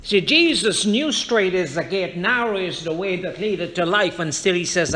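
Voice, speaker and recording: A man delivers a fervent sermon from the pulpit of a church, speaking straight to his congregation and weaving in scripture. His voice sits high for a man, with a bright, forceful edge. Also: expressive, normal speed, hardly any pauses. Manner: fervent preaching, quoting scripture and addressing the congregation directly. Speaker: pastor. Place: church sanctuary.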